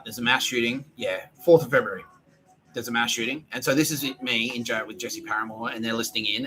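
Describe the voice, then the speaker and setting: A man's voice: mid-range voice, bright, forceful tone, low-quality recording. A man podcasting alone in a rambling, profane monologue that often restarts its sentences.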